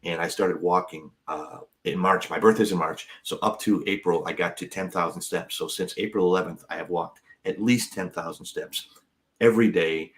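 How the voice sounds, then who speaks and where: A man's voice: low-pitched, steady tone, normal speed. A man in his fifties, a comedian and podcast co-host, telling a personal story in a jokey, self-deprecating way and acting out other people's lines. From United States. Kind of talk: casual storytelling chat.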